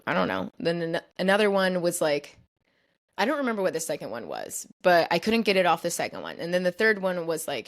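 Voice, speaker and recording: A young adult woman hosting a podcast, telling a story in a casual, chatty way and filling her speech with "like". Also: on the low side. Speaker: podcast host.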